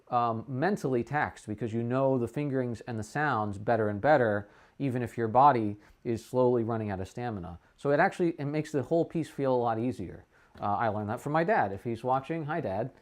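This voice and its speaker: A medium-pitched man with a darkish tone, a music teacher, explains how to practice a piece and sings its phrases on syllables between explanations. He is demonstrating a practice method, heard through dull lo-fi stream audio.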